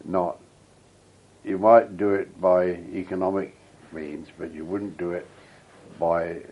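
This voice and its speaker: A man's voice: deep voice, fairly even intonation, takes it slowly, highs cut off, slight background noise. An elderly man with a rambling, reminiscing way of telling stories, interviewed for an oral history. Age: older. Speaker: veteran interviewee.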